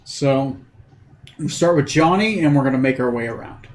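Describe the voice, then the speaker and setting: A man's voice: mid-range voice, lively intonation, moderate pace, slight background noise. A man acting as game master for a tabletop game, narrating loosely with many fillers and restarts. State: has the hiccups.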